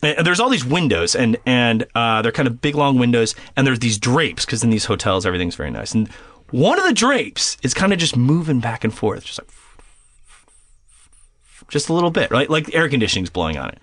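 Animated man telling a wild story. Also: mid-range voice, fairly quick, no echo. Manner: animated, swears a lot, restarts phrases. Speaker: podcast guest. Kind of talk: casual storytelling.

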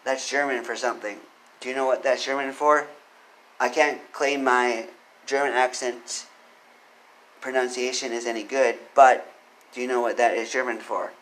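A man with a medium-pitched, fairly even, fairly bright voice speaks at normal speed in a low-quality recording. Working solo, he reads out legal code and offers his opinions on it. He frequently puts questions to the listener.

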